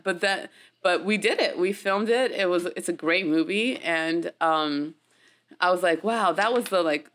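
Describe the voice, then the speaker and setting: A woman's voice: lowish voice, fairly bright tone. A woman from the United States, an actress, telling a story in a casual interview in a chatty way, with frequent laughs and many fillers.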